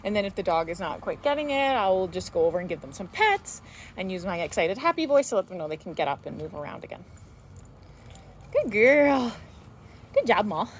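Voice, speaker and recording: A woman's voice: lowish voice, sing-song, fast talker. Woman trainer talking over traffic noise. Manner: explains steps, then gives the dog soft cues and praise. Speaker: dog trainer. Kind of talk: outdoor training demonstration. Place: outdoors near a road. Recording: outdoor noise, passing vehicles.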